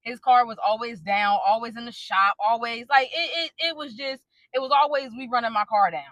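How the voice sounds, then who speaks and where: Bright-voiced young woman telling a story. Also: a little high, a little fast, dry recording, highs cut off. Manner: animated, dramatic retelling with asides to viewers. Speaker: storytime vlogger. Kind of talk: casual storytelling.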